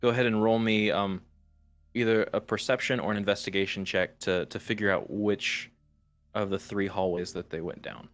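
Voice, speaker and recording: A man narrating as dungeon master in a casual tabletop game, talking loosely with many pauses. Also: lowish voice, a little hiss or hum. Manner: relaxed, full of fillers and restarts.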